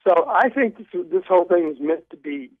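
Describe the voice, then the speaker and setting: Phoning in for an interview, an older guest author rattles off lively anecdotes at a brisk clip, tripping on restarts as he goes. The telephone line is thin and tinny with no room sound, and his voice sits a little high.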